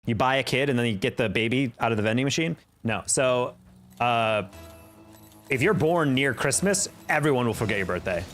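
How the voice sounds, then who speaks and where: A young male streamer chats casually with his viewers while gaming, answering chat, telling stories, and laughing often. His mid-range voice is animated and a bit bright at a moderate pace, with faint music in the background.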